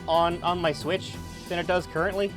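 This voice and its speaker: A man's voice: high voice, level tone, moderate pace. Joking man streaming a video game. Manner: chatty, joking, reading game text aloud. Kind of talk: casual let's play commentary. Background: game music.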